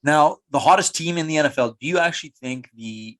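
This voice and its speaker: A man's voice: fairly high pitch, a little fast, a bit bright, no echo. A man co-hosting a casual sports podcast, teasing his partner and firing off questions. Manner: quizzing, teasing, asks lots of questions. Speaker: podcast co-host.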